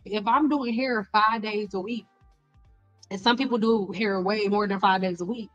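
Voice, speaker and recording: A middle-aged woman cosmetologist hosting a casual live stream, blunt and animated, talking straight to her viewers with slang and exasperated repetition. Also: mid-range voice, normal speed, muffled recording, faint music behind. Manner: frequent laughs and exasperated repetition. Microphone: desk mic.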